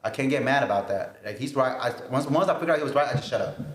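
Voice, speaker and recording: Man, twenties, podcast co-host, animated storyteller, laughs often, echoey room. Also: medium pitch, very fast, slight background noise. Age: 20s. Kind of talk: casual podcast chat.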